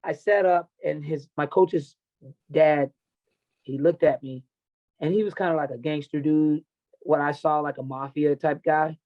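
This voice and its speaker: A man's voice: a little high, fairly even intonation, a little slow, dull audio. A middle-aged man and coach, telling his life story bluntly and emotionally on a podcast, with plenty of swearing. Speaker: podcast guest, wrestling and MMA coach. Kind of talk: candid personal storytelling.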